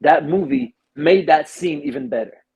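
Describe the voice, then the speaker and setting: Man, husky, fairly high voice, excitable, animated, casual film chat. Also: moderate pace, lo-fi sound. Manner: excitable, animated retelling with big pitch jumps. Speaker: guest, film reviewer.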